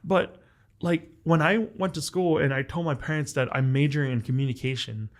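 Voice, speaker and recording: An American podcast host tells his guest a family story in an earnest, emotional way, speaking directly and warmly to them and filling his talk with "like." His voice is fairly high and fairly quick.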